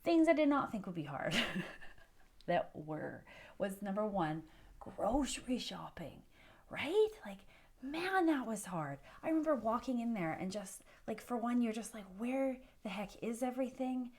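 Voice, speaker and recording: A woman's voice: medium pitch, sing-song, normal speed. A young adult woman from Canada chatting casually to camera in a vlog, self-deprecating and full of fillers. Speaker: vlogger.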